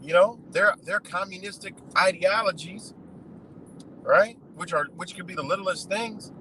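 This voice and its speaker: A man's voice: high-pitched, unhurried, pushed and bright, slight background noise, low-quality recording. A man giving a profane, rambling unscripted monologue, full of "you know" and "man".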